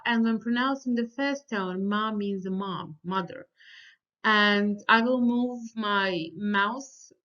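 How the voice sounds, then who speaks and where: A woman's voice: mid-range voice, fairly bright tone. A woman teaching a recorded lecture, explaining step by step with frequent ums and restarts and drawing out sample syllables. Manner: sings out sample syllables with exaggerated tones. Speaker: language teacher. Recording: slightly dull, lo-fi audio.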